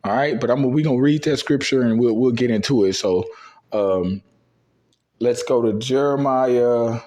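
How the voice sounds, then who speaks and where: A man teaching scripture in a loose, conversational way, reading verses slowly and dropping verbs as he talks, with his voice going a bit hoarse. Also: medium pitch, dark tone. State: losing his voice. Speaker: religious teacher.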